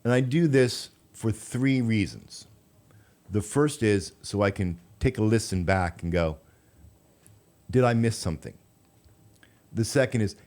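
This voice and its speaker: A man's voice: on the low side, darkish tone. A man hosting a radio talk show, chatty and coaching, who often trips over his words. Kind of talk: casual radio interview chat.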